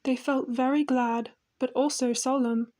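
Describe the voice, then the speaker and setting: Woman, audiobook narrator, high voice, gentle storytelling. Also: steady tone, a little slow.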